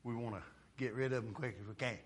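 A man preaching a sermon dramatically, dropping quiet and then rising to loud, impassioned cries. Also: medium pitch, fairly even intonation, quick pace, slight background noise. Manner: dramatic, swings from quiet to shouting.

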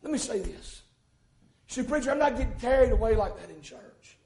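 A man preaching a sermon in a church, folksy and rising into fervent shouts. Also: very high-pitched, animated, fairly quick, vocal fry. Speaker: pastor. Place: church sanctuary. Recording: echoey church room.

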